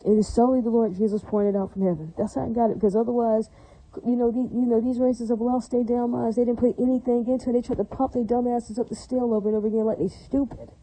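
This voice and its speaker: This female vlogger talks fast in a mellow, fairly high voice with mostly even intonation, captured on a rough recording. Addressing her audience, she rants angrily and at length, rambling, repeating points, and often asking whether it makes sense.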